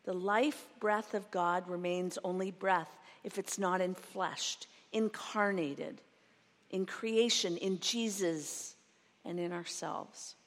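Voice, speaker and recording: A woman preaching a sermon in a slow, reflective way, reading a passage and then going over it again. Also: on the low side, steady tone. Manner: slow, reflective, reads a quoted passage twice. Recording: long reverb of a large hall.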